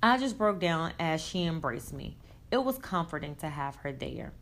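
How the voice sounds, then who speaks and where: A woman reading a first-person story aloud in a blunt, expressive way, with casual swearing. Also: deep voice, moderate pace. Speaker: reader.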